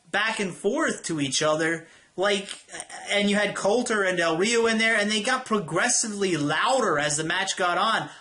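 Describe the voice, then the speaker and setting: A young man rants through a weekly show review, blunt and exasperated, swearing freely. His voice sits a bit high with a bright, sharp edge. He sounds casual and irritated rather than polished.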